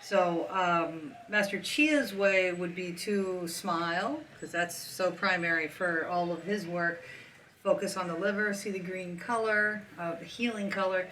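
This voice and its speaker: A woman's voice: lowish voice, fairly even intonation, unhurried, a bit bright, recorded from a distance, slight background noise, low-quality recording. A woman hosting a podcast, chatting casually with a guest and laughing easily. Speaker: podcast host. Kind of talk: casual interview chat.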